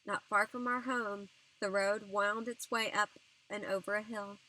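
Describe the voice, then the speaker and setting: A woman narrating a novel as an audiobook reader, in a gentle, earnest storytelling manner. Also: mid-range voice, fairly even intonation, measured pace, low-quality recording.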